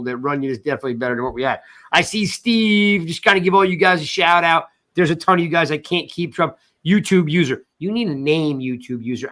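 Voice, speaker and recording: An animated man hosts a casual sports talk stream, reading out names from the chat between points. His voice sits high and sounds bright and forceful. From South Jersey. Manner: animated, reads chat shout-outs. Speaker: podcast host.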